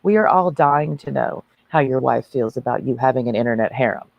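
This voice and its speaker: A woman's voice: very deep voice, lively intonation, brisk, gravelly, no echo, highs cut off. A woman ranting on a livestream in a brash, mocking, preachy way.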